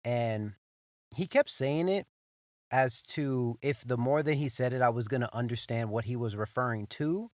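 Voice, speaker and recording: A young man tells a story on his podcast, loose and animated, swearing freely and tossing in "bro" as he circles back over the same points. His mid-range voice sits close and dry on the mic, with no room sound around it. He talks like he is chatting with a friend. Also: mid-range voice, moderate pace, dry recording. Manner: animated, profane, repeats himself, says "bro". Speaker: podcast host. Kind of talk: casual storytelling monologue.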